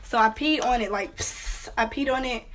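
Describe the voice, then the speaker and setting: A teenage girl casually telling a personal story to her viewers, full of "like" fillers and lively quoted reactions. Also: fairly high pitch, a little fast, slight background noise. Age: teens. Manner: chatty, lots of "like" fillers, animated quoting. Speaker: vlogger.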